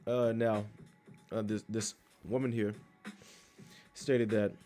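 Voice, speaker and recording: A man's voice: lowish voice, little pitch movement, slow, mellow, soft background music. A man preaching in a blunt, crude, scolding way, reading scripture aloud and commenting on it. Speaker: street preacher.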